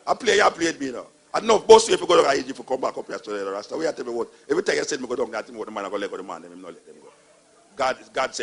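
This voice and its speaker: A man's voice: fairly high pitch, lively intonation, quick pace, creaky, a bit bright, husky. A man with a Jamaican accent, giving a humorous talk and animatedly retelling stories with voiced characters. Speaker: speaker on religion.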